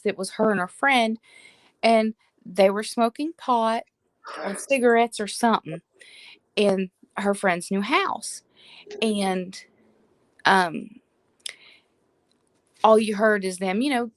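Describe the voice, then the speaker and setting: A woman hosting a paranormal live stream, telling ghost stories in a casual, animated way and acting out the voices she quotes. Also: medium pitch, measured pace, long pauses, no room sound. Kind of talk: casual storytelling chat.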